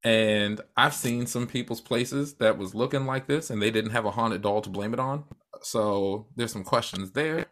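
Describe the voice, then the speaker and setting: A man co-hosting a podcast who comments in a relaxed, reflective way, with a few jokes. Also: on the low side. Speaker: podcast co-host. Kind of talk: casual chat.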